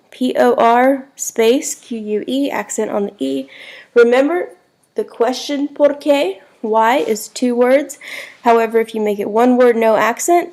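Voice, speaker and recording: Slow, high-voiced woman teaching Spanish. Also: vocal fry, darkish tone. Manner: spells out words letter by letter. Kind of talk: recorded classroom lesson.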